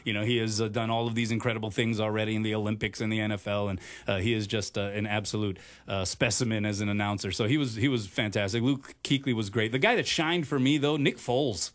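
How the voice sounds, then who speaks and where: A man from Hawaii hosts a relaxed sports talk show. He speaks in a halting, stop-start way, leaning on lots of fillers. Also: fairly low pitch. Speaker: radio show host.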